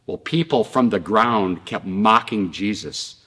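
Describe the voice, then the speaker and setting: Guy preaching a church sermon, slow and husky, loud then hushed, big echoey hall. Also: on the low side. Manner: impassioned, swinging between loud outbursts and hushed tones. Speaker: pastor. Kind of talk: sermon and prayer. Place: church sanctuary. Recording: long reverb in a large hall.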